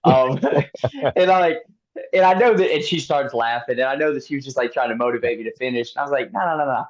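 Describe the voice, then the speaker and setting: A man being interviewed, telling a race story in a casual, animated way, laughing often and using lots of fillers. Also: mid-range voice, a little fast. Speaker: guest athlete. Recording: dull lo-fi sound.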